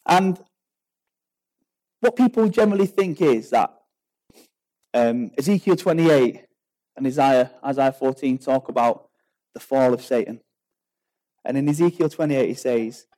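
A male pastor preaching a sermon to his congregation, lively and jokey, often laughing and acting out asides. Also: medium pitch, measured pace, pauses often, low-quality recording. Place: church hall with a congregation.

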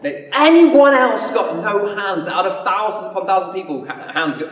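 A man's voice: sits high, fairly quick, hardly any pauses, fairly bright tone. A man preaching a sermon in a conversational, storytelling way, often acting out the people in his story. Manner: conversational, storytelling with acted-out voices. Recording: echoey hall, from a distance.

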